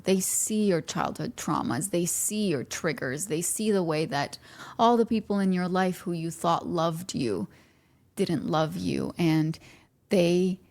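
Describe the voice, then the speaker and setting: A woman podcast host in a reflective monologue, her voice set a little low and threaded with gravelly fry. She talks gently and earnestly to the listener, easing now and then into a near whisper. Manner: earnest, speaks directly to the listener.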